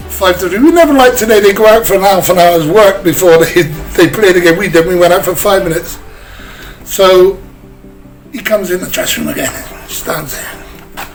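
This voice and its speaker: A man's voice: high voice, poor audio. An older English man, a former footballer, telling chatty anecdotes in an interview and slipping into other people's voices. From England. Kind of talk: casual storytelling interview.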